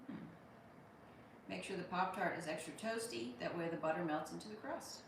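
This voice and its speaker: A woman's voice: lowish voice, moderate pace, vocal fry, recorded from a distance. Chatty woman streaming in an echoey room. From Pittsburgh. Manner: chatty and rambling, with many restarts. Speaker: comedian hosting a livestream. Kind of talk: casual live chat, reading viewer comments aloud. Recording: very echoey room, voice off-mic, faint hum.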